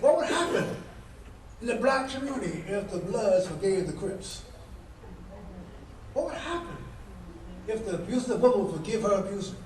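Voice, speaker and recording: A man's voice: very high voice, slight background noise. A man giving a fiery political speech at a dinner, with an emphatic, preacher-like cadence and strings of repeated rhetorical questions. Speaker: guest speaker at a political dinner. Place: banquet hall. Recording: echoey hall from far off.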